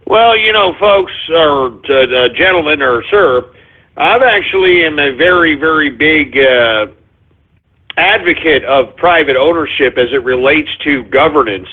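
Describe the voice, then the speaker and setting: A man hosting a call-in radio show with a fairly high voice. He rambles, circling back with fillers and restarts, and the sound is thin and phone-like. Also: animated, unhurried.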